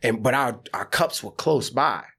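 A man's voice: medium pitch, expressive, normal speed, bright, forceful tone, husky. A man from the American South, an actor and comedian, telling a story in casual chat and acting out the quotes. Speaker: podcast guest, actor and comedian.

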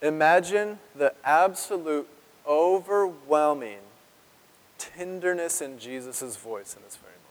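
A man preaching a sermon as pastor, earnest and emotional, with dramatic pauses and drops to a hush on key words. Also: on the high side. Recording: long reverb of a large hall.

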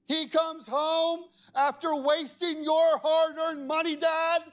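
A man acting out a frustrated, resentful older brother who shouts and pleads with his father. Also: high voice, moderate pace, voice pushed up. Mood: shouting exasperated.

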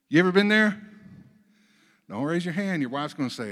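A man's voice: sits high, lively intonation, moderate pace, pauses often. Folksy preacher man in a reverberant hall. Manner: storytelling, folksy, swings between soft asides and loud emphasis. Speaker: pastor. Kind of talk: sermon.

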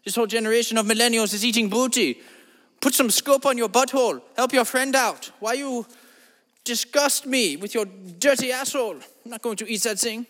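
Man doing a rambling eccentric, very high voice, drawling, suddenly crude, long reverb. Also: moderate pace, fairly bright tone. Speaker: comedy podcast host. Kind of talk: absurd comic monologue in a character voice.

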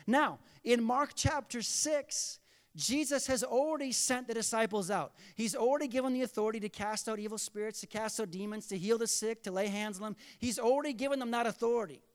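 A man preaching a sermon in a church, telling scripture scenes in an animated way. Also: very high-pitched, a little fast. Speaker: pastor. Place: church sanctuary. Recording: long reverb of a church hall.

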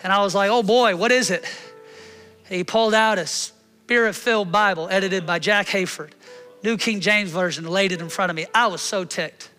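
High-voiced animated preacher in a hall. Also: male voice, moderate pace, faint music behind. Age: 30s. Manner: animated, acts out his own shouting in the story. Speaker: pastor. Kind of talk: sermon storytelling.

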